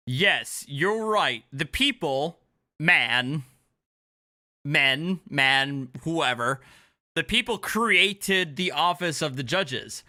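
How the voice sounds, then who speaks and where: A man's voice: high-pitched, pushed and bright, no room sound, studio quality. A man hosting a casual reaction commentary, making sarcastic asides and patiently explaining points. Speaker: commentary channel host.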